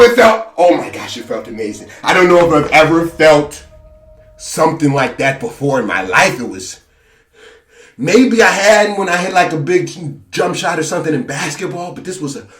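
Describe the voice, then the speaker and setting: A young man telling a story to his vlog audience in an animated, self-hyping way. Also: sits high. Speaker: vlogger. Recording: roomy echo, distant mic.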